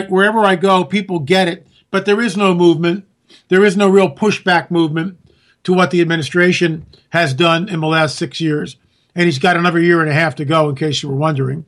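A man delivering a solo political commentary in a high voice. He rants with a sarcastic edge and his voice climbs toward near-shouts. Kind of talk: monologue commentary.

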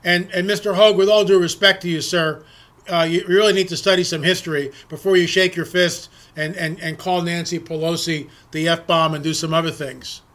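A middle-aged man speaks in a high, bright, forward tone. He rants through a commentary monologue, stumbling into restarts and pressing rhetorical questions. He sounds worked up the whole way. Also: steady tone, fairly quick. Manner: impassioned, repetitive, ranting with frequent restarts. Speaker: political commentary host. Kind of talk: opinion monologue.

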